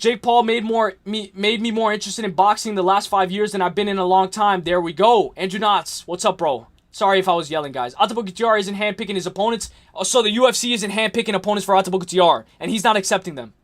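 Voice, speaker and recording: High-voiced young man ranting on a livestream. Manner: ranting, repetitive, profane, yelling at times. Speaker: livestream host. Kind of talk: heated livestream rant.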